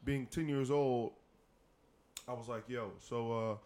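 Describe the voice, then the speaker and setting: A man co-hosting a podcast, telling a profane story with animated energy. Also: medium pitch, slow. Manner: animated, profane storyteller who acts out the scenes. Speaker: podcast co-host. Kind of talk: casual chat, telling a funny story.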